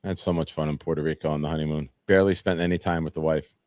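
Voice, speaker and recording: A man's voice: extremely low pitch, steady tone, rapid-fire, darkish tone, dry recording. A man, hosting a sports talk show and chatting loosely, rambling through profane stories and fan comments. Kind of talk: casual live-stream chat reading fan comments.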